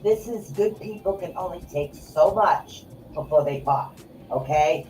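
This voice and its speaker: Fed-up lady host going off, lots of cussing, lowish voice, echoey room n faint music behind. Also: a little slow, a little mellow, recorded from a distance. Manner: heated, swearing, repeats herself. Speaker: podcast host. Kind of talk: angry off-the-cuff rant.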